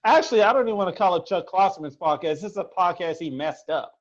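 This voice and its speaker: Podcast guest, male, high pitch, animated casual talker, muffled lo-fi recording. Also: fast talker. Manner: animated, swearing, mocking impressions. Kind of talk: casual chat.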